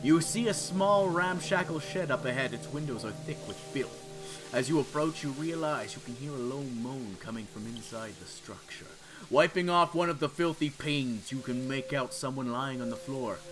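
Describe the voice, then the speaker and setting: A man playing a horror game who reads its text aloud and comments between passages, swearing freely and breaking into loud, annoyed rants. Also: mid-range voice, moderate pace, music in the background. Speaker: gameplay streamer.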